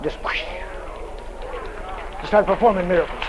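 A man preaching a sermon in a folksy, dramatic storytelling style, shouting out the lines he quotes. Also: sits high, moderate pace, background noise. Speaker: evangelist preacher.

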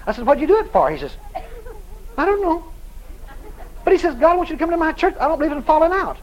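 Male preacher, very high and animated, storytelling sermon with acted-out dialogue, faint background noise. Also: fast talker, dull audio.

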